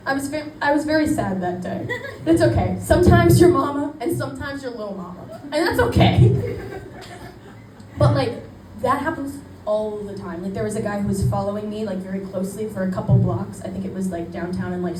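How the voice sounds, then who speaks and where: A woman's voice: mid-range voice, fairly quick. A young woman doing a self-deprecating stand-up set in a small club, with laughter behind her. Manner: chatty, self-deprecating, animated quoting. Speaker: stand-up comedian. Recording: echoey club, mic at a distance, noisy. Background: audience laughter.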